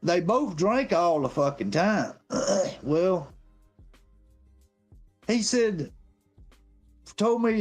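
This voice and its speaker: A man's voice: high voice, very animated, drawn-out words, long pauses, faint music behind. A man telling a rambling, profane story as a guest on a live stream. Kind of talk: casual storytelling.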